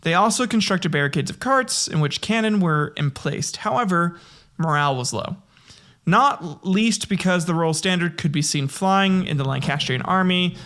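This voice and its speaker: A man's voice: high voice, expressive, normal speed, fairly bright tone. A man hosting a casual history podcast, reading from notes with slips and breaking into profane jokes. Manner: profane, joking, reads from notes with slips and laughs. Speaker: podcast host.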